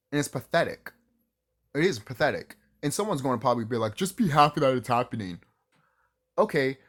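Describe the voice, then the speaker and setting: A man ranting casually about video games, heated and sarcastic, swearing often and repeating himself. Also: medium pitch. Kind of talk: casual rant to camera.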